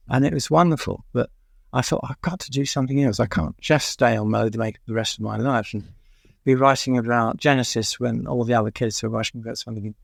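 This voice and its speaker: Older English music writer, gravelly, dry close mic, rambling anecdotes with fillers. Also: male voice, mid-range voice, dry recording. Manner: rambling, many "uh" fillers, chuckles at his own stories. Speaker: music journalist guest. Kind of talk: anecdotal interview storytelling.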